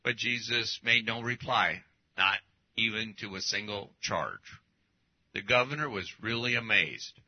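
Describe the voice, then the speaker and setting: A man's voice: fairly low pitch, a little slow, lo-fi sound. A man preaching a sermon as pastor, emphatic, with pointed rhetorical questions to the congregation.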